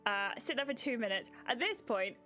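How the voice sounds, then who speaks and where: A woman's voice: fairly high pitch, sing-song, a little fast, pushed and bright, soft background music. A young British woman streamer telling a story in a casual, rambling way to her live chat, with many fillers and restarts.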